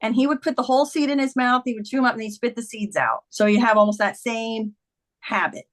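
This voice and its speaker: A woman's voice: a little high, a little fast. Earnest woman telling a personal story. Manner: earnest, animated retelling with quoted dialogue. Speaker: guest, memoir author. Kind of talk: conversational storytelling.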